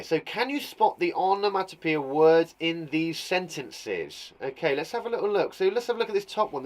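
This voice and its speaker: A man teaching young children online, chatty and thinking aloud as he acts out the sounds of words. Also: a little high. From England. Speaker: primary school teacher.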